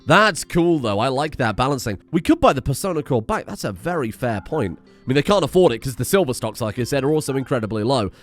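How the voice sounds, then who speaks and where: A young man giving casual, sweary let's-play commentary while playing a strategy game, animated and self-mocking, with sudden outbursts. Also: medium pitch, quick pace, hardly any pauses, faint music behind. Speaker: gaming YouTuber.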